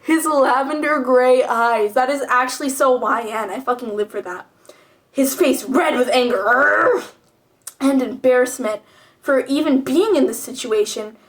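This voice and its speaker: A woman's voice: sits high, measured pace. A young woman reading old fanfiction aloud with profane, snarky commentary. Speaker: video creator reading fanfiction.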